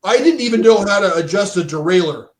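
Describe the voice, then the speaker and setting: A man's voice: high-pitched, lively intonation, brisk. A middle-aged man casually telling stories about owning a bike shop, rambling with lots of restarts and "dude". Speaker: podcast guest, former bike shop owner. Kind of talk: casual chat. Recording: roomy echo.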